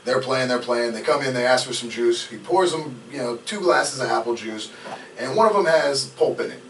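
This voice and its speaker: A man's voice: medium pitch, lively intonation, normal speed. Candid man telling stories in a roomy space. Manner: storytelling, candid, swears freely. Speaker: podcast co-host. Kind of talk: casual chat. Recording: roomy echo, distant mic, faint hiss.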